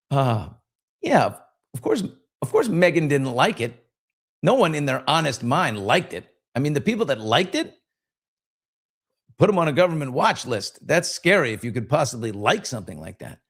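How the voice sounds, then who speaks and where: An older man hosts a podcast in a loose, chatty way, thinking aloud and circling back on himself. His mid-range voice has a gravelly, fried edge. He sounds close to a studio mic. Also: medium pitch. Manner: conversational, reads comments aloud, trails off and restarts. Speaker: podcast host. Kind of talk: casual commentary.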